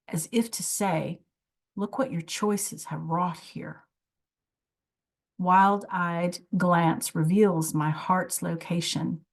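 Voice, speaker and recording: A woman performing her own spoken word poem at an online open mic, reading slowly and dramatically. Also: fairly low pitch, a little mellow. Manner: slow, dramatic recitation.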